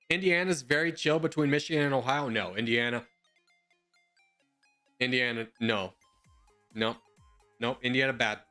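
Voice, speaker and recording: A man's voice: mid-range voice, a bit bright. A young man streaming from home, rambling and joking as he answers viewers' questions in casual chat.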